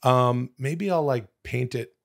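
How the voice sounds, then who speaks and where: A man from Canada co-hosting a podcast, telling a rambling story with lots of fillers and sudden bursts of excitement. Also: mid-range voice, takes it slowly, creaky. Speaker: podcast co-host. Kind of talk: casual chat.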